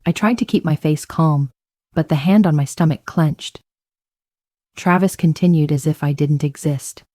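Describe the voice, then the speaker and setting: A woman narrating a first-person story in a calm, measured way. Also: deep voice, no echo, studio quality.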